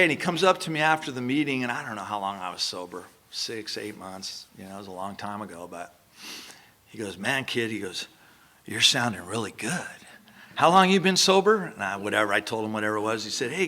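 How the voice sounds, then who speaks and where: A man's voice: fairly low pitch, fast talker, sharp tone. A man in his sixties from Southern California, speaking at a recovery meeting. He tells his personal story bluntly and earthily, with rambling "you know" asides. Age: 60s.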